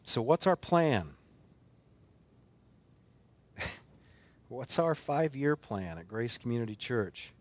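A man's voice: medium pitch, very animated, slow, long pauses. A man preaching a sermon as pastor, emphatic and repetitive, with many rhetorical questions.

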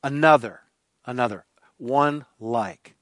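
A man's voice: medium pitch, takes it slowly, a bit bright, dry recording. A man preaching a sermon, emphatic and repeating key phrases for stress. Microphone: recorded for online viewers.

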